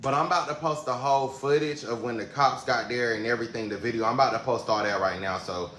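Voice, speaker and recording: A man's voice: mid-range voice, fast, a bit bright, slight background noise. A man telling a casual story time to viewers in a chatty, slangy way. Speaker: storyteller in a clip.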